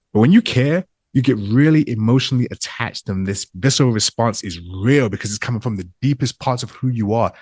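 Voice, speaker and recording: A man's voice: medium pitch, slightly rough, no room sound, clean studio sound. A man co-hosting a podcast, reflecting enthusiastically and laying his points out as a list. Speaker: podcast co-host and coach. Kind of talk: casual podcast conversation.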